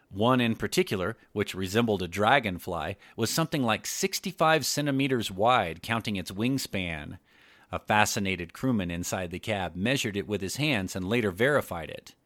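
A man narrating an audiobook in a steady, measured way. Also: lowish voice, no echo. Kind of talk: scripted narration.

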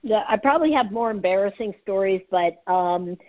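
Woman, 50s, animated storytelling, laughs a lot, mid-pitched, muffled lo-fi sound. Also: normal speed. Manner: lively, laughs often, acts out dialogue. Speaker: guest, sales and speaking trainer. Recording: dull lo-fi audio.

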